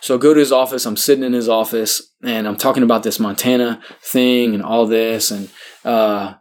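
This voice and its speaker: A man, a priest, telling a personal story in a casual, animated way, laughing often and saying "like" a lot. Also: medium pitch, moderate pace. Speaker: Catholic priest.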